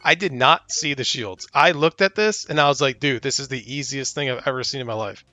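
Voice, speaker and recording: A young man giving casual gameplay commentary from home, excitable and exasperated, pleading at the screen. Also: mid-range voice, brisk, no room sound, faint music behind. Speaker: gaming YouTuber.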